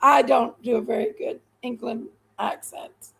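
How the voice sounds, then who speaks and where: A woman's voice: on the high side, steady tone, measured pace, gravelly, husky, low-quality recording. A woman hosting a livestream, rambling along in folksy, casual chat with her viewers. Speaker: livestream host.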